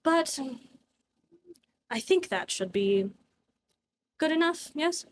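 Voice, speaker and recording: A woman's voice: high-pitched, animated, slow, a little hiss or hum, pitched above the performer's own voice. A woman voicing a tipsy young nobleman in a tabletop game, a callous womanizer who talks in an offhand, drawling, dismissive way.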